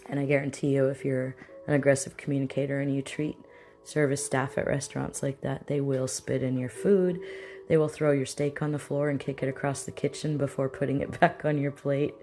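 Casual instructor voice, conversational, mid-pitched, light background music. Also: level tone, fairly quick, a little mellow. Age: adult with children. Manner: conversational, acts out example dialogues. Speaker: mindfulness teacher. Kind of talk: casual spoken lesson.

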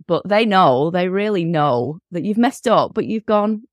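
A woman's voice: on the low side, measured pace, few pauses, no room sound, clean studio sound. A middle-aged woman chatting candidly as a podcast guest, acting out little bits of dialogue as she talks. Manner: candid and animated, acts out dialogue. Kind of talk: casual chat.

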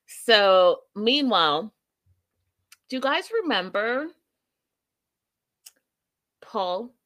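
A woman's voice: medium pitch, lively intonation, extremely slow, a bit bright, dry recording. A young adult woman hosting a casual reality TV recap, chatty and opinionated, with playful asides to her viewers.

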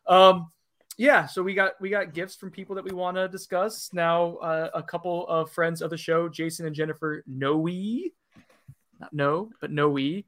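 Animated higher-voiced male co-host. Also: normal speed. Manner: animated storyteller, laughs a lot. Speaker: podcast co-host. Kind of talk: casual chat.

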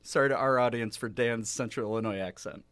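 A man co-hosting a casual sports chat, cracking dry, deadpan jokes. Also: mid-range voice, a little fast, no echo. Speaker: podcast co-host.

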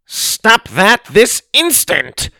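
A man's voice: medium pitch, very animated, unhurried, fairly bright tone, dry recording, clean studio sound. A man voicing a proud seven-year-old boy genius inventor who talks in formal, showy words. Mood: shouting.

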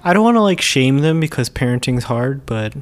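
A man's voice: mid-range voice, big pitch swings, fairly quick. Wry teasing man on a podcast. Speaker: podcast co-host. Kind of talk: casual chat.

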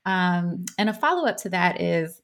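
A woman interviewer asking long, thoughtful questions, pausing often with ums. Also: on the low side, expressive. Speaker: interviewer host.

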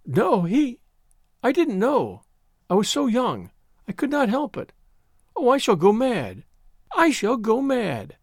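A man's voice: high voice, wildly swooping pitch, moderate pace, few pauses, no echo, clean studio sound. A man doing a tearful, ashamed young woman. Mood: distraught. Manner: sobbing, wailing, breathless pleading.

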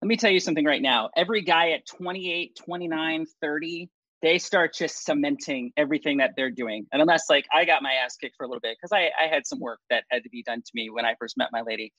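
A man's voice: fairly high pitch, quick pace, bright, forceful tone, no room sound. Blunt male podcast host, dull dry sound. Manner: blunt, opinionated, swears freely. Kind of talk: casual chat.

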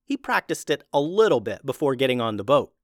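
A man narrating a children's fantasy adventure in a steady, even reading voice. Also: medium pitch, brisk, dry recording, clean studio sound. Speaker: storyteller.

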